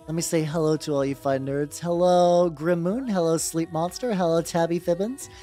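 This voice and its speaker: A woman's voice: fairly low pitch, moderate pace, hardly any pauses. A woman streaming as she paints miniatures, chatting casually with her viewers, greeting them by name, laughing and swearing freely. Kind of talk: casual livestream chat. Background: soft background music.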